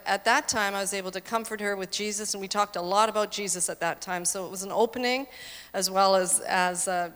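During a church slide presentation, a missionary woman tells stories in a mid-range, fairly bright voice. She's chatty, quizzes the audience with questions and laughs easily, all in a reverberant hall.

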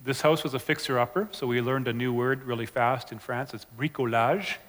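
A man's voice: medium pitch, steady tone, a little fast, a bit bright. A man presenting a slide talk to a church audience, casual and hesitant with fillers. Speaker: missionary presenter. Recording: reverberant hall.

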